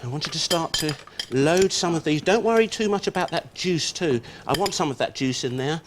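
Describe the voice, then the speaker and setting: A man's voice: fairly high pitch, lively intonation, a little fast. A man teaching a hands-on cooking demonstration as a TV chef, talking contestants through each step in an upbeat, encouraging way. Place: TV studio kitchen set. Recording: loud background noise on an old TV recording.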